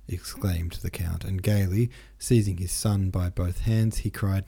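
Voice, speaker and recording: A man narrating a classic novel in a steady, unhurried reading voice, with occasional small slips. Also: low voice, vocal fry, slightly rough. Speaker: audiobook narrator. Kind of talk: scripted narration.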